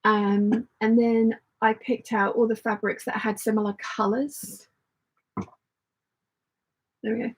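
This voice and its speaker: A woman's voice: fairly high pitch, level tone, slow pace, pauses often, breathy edge, low-quality recording. A woman hosting a casual sewing live stream, chatting and rambling as she thinks aloud and answering viewer comments. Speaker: sewing channel host.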